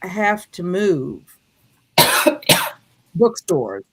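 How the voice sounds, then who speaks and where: A woman's voice: lowish voice, sing-song, drawn-out words, heavy background noise. Bubbly woman hosting a livestream. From Louisiana, USA. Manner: bubbly, laughs often, reads chat aloud. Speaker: livestream host. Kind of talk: casual livestream chat reading comments. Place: home office.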